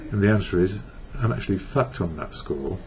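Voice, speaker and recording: A man's voice: sits low, lively intonation, brisk. A man from England giving a reflective personal monologue about recovery, rambling and correcting himself as he goes. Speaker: recovery blogger. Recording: dull lo-fi with faint hiss.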